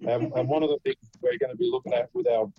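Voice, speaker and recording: A man's voice: medium pitch, wildly swooping pitch, quick pace, warm tone, slightly rough, dull audio. A man with an Australian accent hosting a podcast, telling stories in casual chat, swearing freely and laughing as he goes. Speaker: podcast host.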